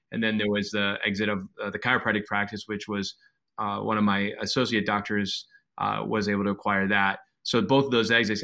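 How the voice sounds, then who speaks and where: A man with a bright, forceful tone shares his own experience on a podcast. He talks in an earnest, reflective way and repeats words for emphasis. The feel is casual and open. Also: fairly low pitch. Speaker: podcast co-host, chiropractor. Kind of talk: conversational podcast discussion.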